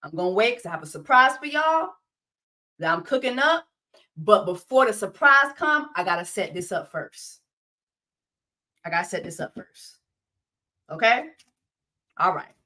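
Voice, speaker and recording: Brief: woman host, loud incredulous commentary with lots of swearing, sharp bright tone. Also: mid-range voice, moderate pace, pauses often. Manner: animated, profane, incredulous rants. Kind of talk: casual reality-TV commentary livestream.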